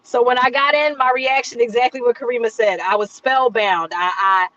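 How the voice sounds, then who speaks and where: High-voiced woman on dull lo-fi audio. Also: moderate pace, fairly bright tone. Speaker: guest. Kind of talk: reflective personal account.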